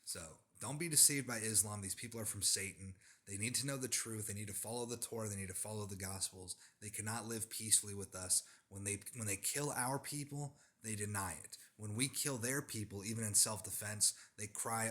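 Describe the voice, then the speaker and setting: A man's voice: lowish voice, moderate pace, pushed and bright. A man delivering an emphatic religious monologue, insistent and lecturing, repeating his points for emphasis. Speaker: religious commentator.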